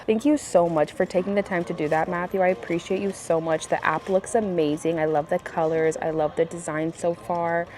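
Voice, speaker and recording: A young woman in her twenties vlogging casually, emotional and excitable, gushing over her new app. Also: on the low side, brisk, few pauses, faint music behind. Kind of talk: casual vlog chat.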